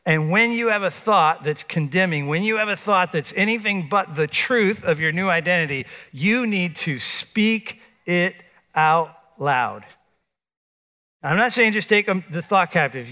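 A man preaching a sermon as pastor, emphatic and rising loud on his exhortations, then hushed and low when he prays. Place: church sanctuary. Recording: long reverb of a large hall.

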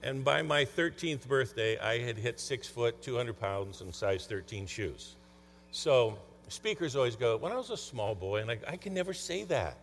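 Here a conference speaker and coach shares stories in a conversational motivational talk, his medium-pitched voice sing-song, fairly bright, and moderately paced. Long hall reverb and a faint mains hum color the recording.

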